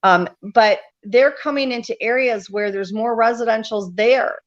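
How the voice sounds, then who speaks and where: A woman's voice: a little high, moderate pace. Woman guest on dull video call. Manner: chatty, laughs easily. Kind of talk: casual chat over a video call.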